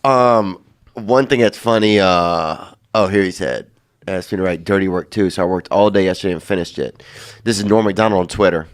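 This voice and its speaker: A man's voice: deep voice, normal speed, no room sound, clean studio sound. A man hosting a podcast, laid-back in casual chat and laughing often. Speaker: podcast host.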